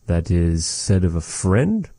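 A man teaching a vocabulary lesson, slowly repeating each word with folksy, patient asides. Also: low-pitched, very animated, dark tone, no room sound. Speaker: language teacher.

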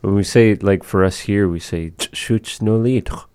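A man's voice: on the low side, normal speed, darkish tone, clear, resonant tone, no echo. A man casually teaching phrases of his language to a partner, patiently repeating each word.

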